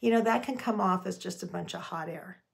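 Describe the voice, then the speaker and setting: A woman's voice: lowish voice, a little fast, vocal fry. A woman teaching communication skills in an earnest, spoken lesson, acting out short example phrases as she goes. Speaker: communication coach.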